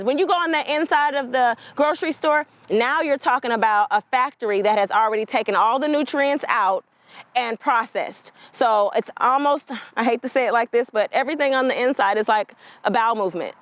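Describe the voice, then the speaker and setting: A woman's voice: a little high, a little fast, fairly bright tone, no room sound. A woman giving a documentary interview, telling stories emphatically with frank asides.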